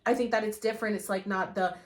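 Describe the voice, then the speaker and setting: A woman's voice: medium pitch, fairly even intonation, fast talker. A woman hosting a casual chat podcast, talking eagerly with frequent restarts. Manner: enthusiastic, talks over guest, frequent restarts. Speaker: podcast host.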